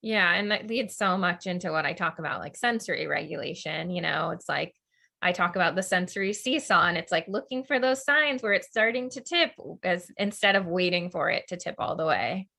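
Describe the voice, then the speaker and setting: A woman's voice: on the low side, expressive, fairly quick, creaky, pushed and bright. A woman hosting a podcast interview, chatting in an affirming, casual way with many fillers. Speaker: podcast host.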